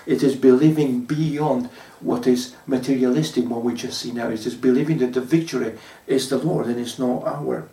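A man preaching a sermon as pastor, telling stories in a measured way with frequent pauses and fillers. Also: mid-range voice, fairly even intonation, warm tone, echoey room, far from the mic.

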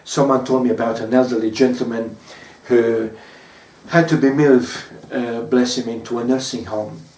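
Man pastor giving a sermon, slow storytelling with lots of uh and um, echoey room, sounds a bit far off. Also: mid-range voice. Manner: measured, warm storytelling with frequent pauses and fillers.

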